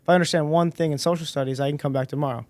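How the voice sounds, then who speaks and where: A man in his twenties, a podcast guest, telling a personal story in a relaxed way and acting out the dialogue. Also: a little high, rapid-fire, dry recording. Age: 20s. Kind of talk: casual storytelling interview.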